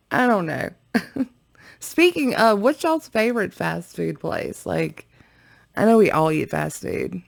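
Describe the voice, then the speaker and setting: A woman's voice: medium pitch, lively intonation, slow pace, creaky, long pauses. A woman hosting a reaction video, chatting casually and rambling to her viewers with frequent giggles.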